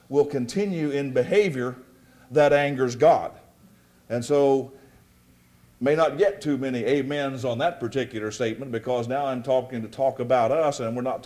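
A man preaching a sermon to a congregation in a folksy, relaxed storytelling way. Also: medium pitch. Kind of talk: sermon with a joke.

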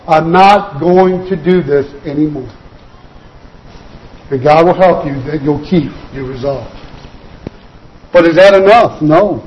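High-voiced earnest man preaching. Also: poor audio. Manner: earnest exhortation with repeated "you've got to" phrases; slows and drops quieter on key points. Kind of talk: sermon.

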